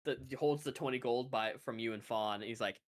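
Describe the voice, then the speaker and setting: A man narrating as game master in a loose, rambling way, quick to laugh. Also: medium pitch.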